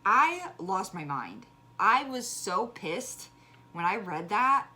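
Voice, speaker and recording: A woman frankly telling a personal story on her vlog, halting and restarting, flaring up when angry. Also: mid-range voice, big pitch swings, sharp tone. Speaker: vlogger sharing a personal story. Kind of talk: candid conversational storytelling. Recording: clear background noise.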